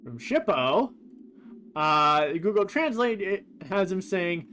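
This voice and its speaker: A man's voice: sits high, very animated, takes it slowly, fairly bright tone, a little hiss or hum. A man streaming a game, casually thinking aloud and reading quoted lines in a plain voice. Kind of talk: casual commentary on a game's translation.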